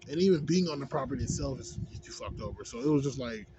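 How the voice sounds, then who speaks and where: A man's voice: mid-range voice, quick pace. A man in a casual, rambling rant, heavy on swearing and on "you know what I'm saying". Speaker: vlogger. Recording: dull lo-fi with faint background noise.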